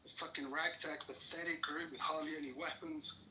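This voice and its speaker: A man's voice: on the high side, little pitch movement, fairly quick, sharp tone, a little hiss or hum. A man in a heated political debate, furious and swearing constantly as he hurls insults, heard in a room with others. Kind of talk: angry profane rant. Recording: roomy echo, distant mic.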